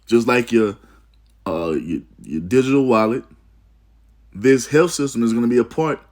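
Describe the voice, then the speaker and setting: A man teaching on biblical prophecy in an emphatic, conversational way. He reads passages aloud and then comments on them, often adding "you see" and "man." His voice sits in a middle pitch. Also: animated, normal speed, a little mellow. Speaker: religious teacher. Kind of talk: prophecy sermon reading from an article.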